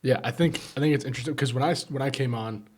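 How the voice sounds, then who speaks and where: A man's voice: mid-range voice, very fast, slightly rough. Man with a mid-range voice, podcast co-host, agreeable, thinks aloud. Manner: gives short agreeing backchannels, thinks out loud. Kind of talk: casual business podcast chat.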